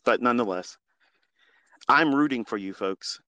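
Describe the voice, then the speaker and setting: A man hosting a live audio space, speaking into a phone in an earnest, preachy, profane monologue that swings from quiet to loud. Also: medium pitch, expressive, normal speed, no room sound, lo-fi sound. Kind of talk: impassioned unscripted monologue.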